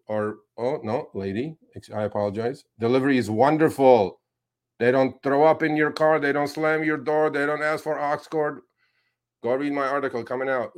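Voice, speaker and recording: With a mid-range voice, fairly even intonation, and normal speed, this rideshare driver and podcast co-host mocks his work in a lively, casual conversation. He stumbles through frequent fillers and restarts.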